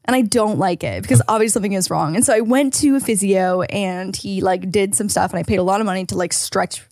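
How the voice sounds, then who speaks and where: A woman's voice: mid-range voice, fast talker, a little mellow, dry recording, studio quality. A woman co-hosting a podcast, chatting casually with lots of "like" and free swearing. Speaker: podcast co-host.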